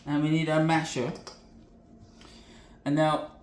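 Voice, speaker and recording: Home cooking host, male, from Britain: high-pitched, loose and self-correcting, recorded in a roomy kitchen. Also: completely flat delivery, slow, background noise. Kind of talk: casual cooking demonstration.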